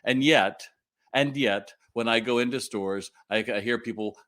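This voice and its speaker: A man's voice: fairly low pitch, normal speed, a bit bright. A middle-aged man hosting a live retail Q&A, talking casually and animatedly, with lots of fillers and restarts. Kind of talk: casual livestream talk.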